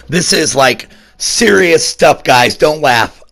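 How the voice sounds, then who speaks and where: A man with a sick, rough voice doing casual vlog commentary, mock-serious and stumbling over names with lots of fillers. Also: a little high, unhurried, few pauses, fairly bright tone. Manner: mock-serious, breaks into disbelief. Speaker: YouTuber.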